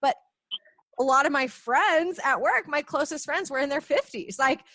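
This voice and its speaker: Bubbly high-voiced young woman host. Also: normal speed, dry recording. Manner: bubbly, animated storytelling. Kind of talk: casual podcast chat.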